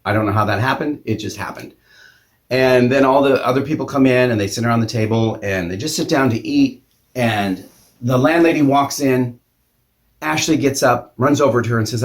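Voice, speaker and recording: A man's voice: medium pitch, normal speed, creaky. An older man hosting a vlog, giving a cranky, sarcastic review of a movie in casual talk with sighs and ums.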